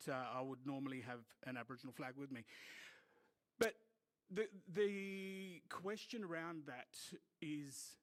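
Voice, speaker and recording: Australian man, community speaker, earnest with jokes, lots of ums, mid-pitched voice. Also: fairly bright tone. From Port Augusta, South Australia. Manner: joking, earnest, with many fillers. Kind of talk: informal public talk at a meeting. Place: community hall.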